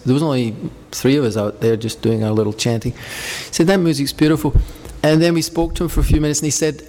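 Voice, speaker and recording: In a big room, a medium-pitched man leads a devotional group, speaking informally. Between questions he drifts into rambling anecdotes, telling them with warmth.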